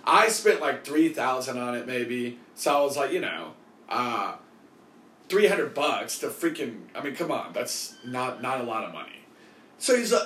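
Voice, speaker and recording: A man hosting a show, telling a casual story in a rambling way and swearing in softened words. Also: medium pitch, sing-song, unhurried, slight background noise. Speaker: host. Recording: echoey room.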